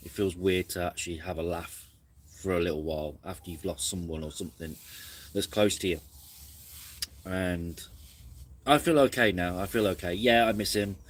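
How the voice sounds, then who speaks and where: A man's voice: sits low, normal speed. A man hosting a casual camping live stream, rambling and reflective, snacking between sentences.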